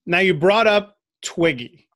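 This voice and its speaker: A man's voice: high voice, expressive, measured pace, fairly bright tone. A man hosting a podcast interview, easygoing and agreeable as he chimes in. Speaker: podcast host.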